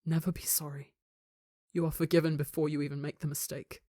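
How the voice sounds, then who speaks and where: A woman voicing a battle-worn father who speaks softly and gently. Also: deep voice, little pitch movement, fairly quick, dry recording, clean studio sound, close to an everyday voice. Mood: tender.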